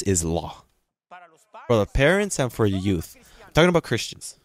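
A man preaching a sermon as pastor, reading scripture slowly and breaking into sudden loud, emphatic passages. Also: lowish voice, sing-song. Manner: reads scripture aloud slowly and stresses it.

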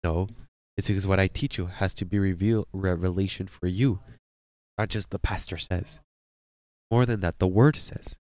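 A man's voice: sits low, steady tone, moderate pace, a little mellow, no room sound. A man preaching a sermon as pastor, emphatic and questioning his congregation.

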